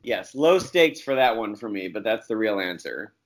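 A man telling stories as a guest in a casual chat, animated and profane, acting out quotes between bursts of laughter. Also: fairly low pitch, moderate pace. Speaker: guest comics writer.

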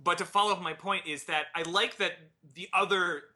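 A man's voice: high-pitched, steady tone, a little fast, sharp tone. A man from Chicago co-hosting a podcast, chatting casually about a movie, laughing often and stumbling over his starts. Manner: laughs often, stammers and restarts. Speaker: podcast co-host. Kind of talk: casual movie review chat.

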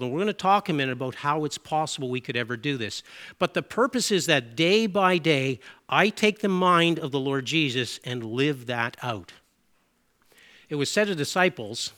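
A man's voice: a little high, sharp tone. A middle-aged man from Canada preaching a sermon in an earnest, conversational way, with asides and self-corrections.

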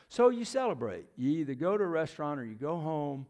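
A man's voice: fairly high pitch, very animated, fast, few pauses, a little mellow. A middle-aged man preaching a sermon. He questions the congregation and often drops to a near whisper. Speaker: preacher, former youth minister and missionary.

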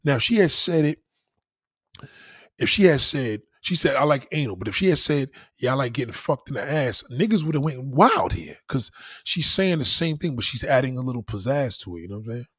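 A man hosting a casual late-night livestream, reacting loudly to chat with profane, laughing banter. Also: medium pitch, animated, a little fast, breathy edge, no room sound, studio quality. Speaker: livestream host.

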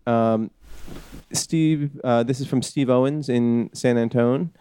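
A man's voice: mid-range voice, slow pace, dark tone, slight background noise. A man hosting a podcast in casual chat, rambling and hesitant with lots of fillers. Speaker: podcast host.

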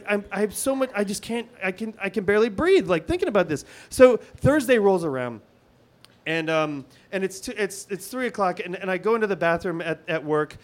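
A middle-aged man telling a comic personal story, halting and full of restarts, swinging between hushed and excited. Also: sits high.

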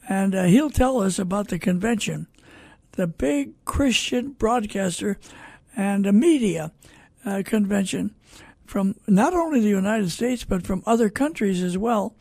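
An older man hosting a Christian radio program, reading listener calls with slow, preacherly asides. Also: sits high, creaky, mellow, no room sound. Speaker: radio host and network founder. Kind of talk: folksy radio commentary.

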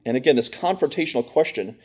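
A man's voice: mid-range voice, animated, fast talker, slightly rough. A man preaching a conversational sermon, storytelling with casual asides to his listeners. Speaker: preacher teaching a lesson.

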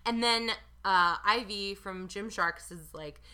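A woman chatting casually as a podcast co-host, animated and quick to quote people in little voices. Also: medium pitch, smooth. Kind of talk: casual chat.

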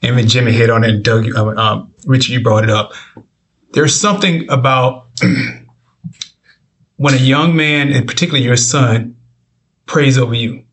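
A man's voice: medium pitch, normal speed, long pauses, a bit bright. A father in a group chat, talking in a thoughtful, hesitant way.

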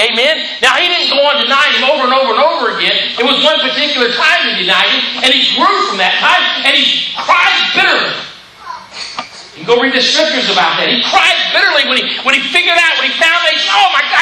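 Fiery male preacher, high-pitched, call-and-response, echoey church sound. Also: a little hiss or hum. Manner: preaching with call-and-response "Amen?", rising to shouts. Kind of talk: fiery sermon.

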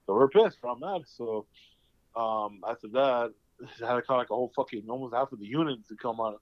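A man's voice: medium pitch, brisk, no room sound. A young man, hosting a casual podcast chat and telling rambling stories with plenty of swearing. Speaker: podcast host. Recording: dull lo-fi sound.

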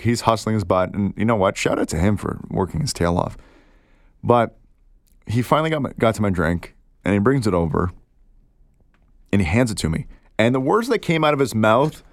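Chatty low-voiced man telling stories. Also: no echo, clean studio sound. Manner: chatty, storytelling, acts out quoted people. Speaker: podcast host. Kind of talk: casual solo chat.

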